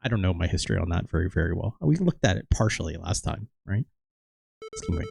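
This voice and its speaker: A man's voice: low-pitched, big pitch swings, fast talker, gravelly, a little mellow. Rambling, joking let's play guy. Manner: rambling, joking, laughs often. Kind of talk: casual gameplay commentary.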